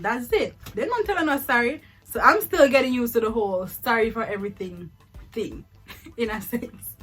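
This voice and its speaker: A young Jamaican woman chats in a relaxed vlog. She has a fairly high voice, laughs often and drifts into patois. Faint music sits under her talk. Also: husky. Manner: chatty, repeats words for emphasis, laughs often, slips into patois. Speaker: vlogger. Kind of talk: casual vlog comparing countries.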